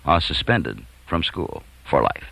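A man's voice: big pitch swings, measured pace, vocal fry, full character voice. A man playing a stern, pompous older school principal in a comic story. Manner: pompous, severe, low and quiet.

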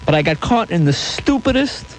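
A man's voice: high voice, normal speed, slight background noise, poor audio. A man telling anecdotes as a comedian guest in an interview, acting out the voices of people in his stories. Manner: animated, acts out voices in stories.

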